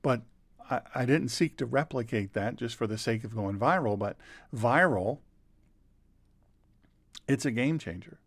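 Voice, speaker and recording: A man's voice: medium pitch, measured pace, pauses often, dry recording. An older man who is a pastor and show host, giving a conversational sermon and earnestly repeating words for emphasis.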